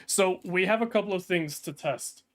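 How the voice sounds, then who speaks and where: A man's voice: high-pitched, normal speed, a bit bright. Chatty man live-streaming a game. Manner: chatty, hesitant with many ums and restarts. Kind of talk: casual live-stream chat.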